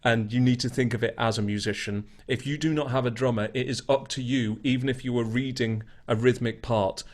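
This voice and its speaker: A man's voice: mid-range voice, steady tone, a little fast, a little mellow. A man teaching an online beginner guitar lesson in a chatty, explaining way. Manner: chatty, explains while scatting rhythms.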